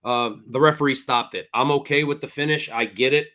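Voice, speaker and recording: A man's voice: mid-range voice, fairly even intonation, a little fast, pushed and bright. A man hosting a fight recap podcast, recounting the action at length in blunt, profane casual chat. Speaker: podcast host.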